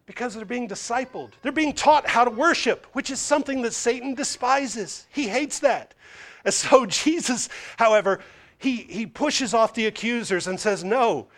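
A man preaching a sermon as a pastor, asking and answering his own questions and acting out the people he quotes. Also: normal speed. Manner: animated, acts out the quoted voices with big pitch swings.

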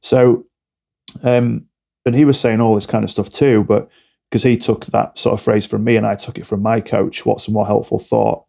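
A man's voice: on the low side, flat delivery, normal speed, vocal fry, dark tone. A man talking bluntly and directly as a coach being interviewed on a podcast. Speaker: alcohol-free coach, podcast guest.

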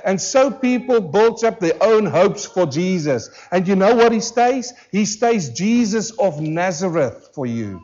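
High-voiced man preaching in church. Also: animated, dull audio. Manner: emphatic, with rhetorical questions and slowed, drawn-out stresses. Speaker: pastor. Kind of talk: sermon. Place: church service.

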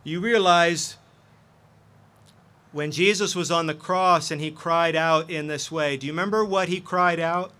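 High-voiced guy preaching slow, earnest sermon. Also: steady tone, bright, forceful tone, clear, resonant tone. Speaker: pastor.

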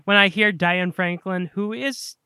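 A man co-hosting a casual chat about movies, eager and rambling, tripping over repeated words when excited. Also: high-pitched, measured pace, clean tone, no room sound, studio quality. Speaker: podcast co-host.

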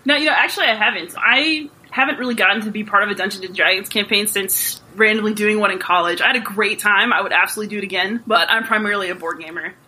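A woman's voice: mid-range voice, fast talker, few pauses, pushed and bright, a little hiss or hum, rough recording. A woman appearing as a guest on a board game podcast, talking about her blog in a friendly, easygoing way. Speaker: guest blogger. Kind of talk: casual podcast chat.

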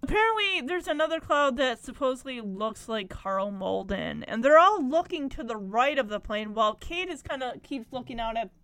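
A woman's voice: high voice, animated, moderate pace, few pauses, fairly bright tone, no room sound. A woman casually recapping a TV episode, chatty and rambling with lots of fillers.

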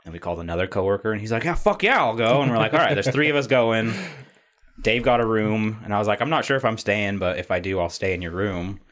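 A young adult man chats on a podcast, a low-pitched voice loosely winding through a long story. He swears freely and keeps things casual. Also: fast, a bit bright. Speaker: podcast host. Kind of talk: casual chat.

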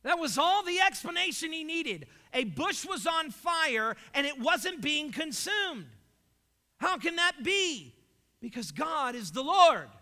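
A man's voice: very high-pitched, big pitch swings, slow pace, pushed and bright. A man preaching a sermon, emphatic and full of rhetorical questions. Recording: long hall reverb.

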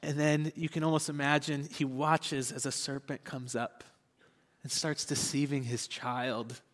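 Young man, pastor, earnest sermon, candid and self-deprecating, soft whispered asides, mid pitch. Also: level tone, a little slow, long reverb tail. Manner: earnest, drops to soft whispers in personal moments.

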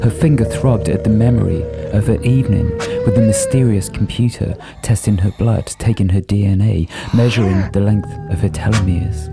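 Male audiobook narrator, low gravelly voice, lively, over music. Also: moderate pace, few pauses.

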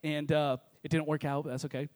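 A man preaching a lively sermon to a congregation, telling funny stories. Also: on the high side, fast talker. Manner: energetic, joking storyteller. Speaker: pastor. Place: church service with congregation.

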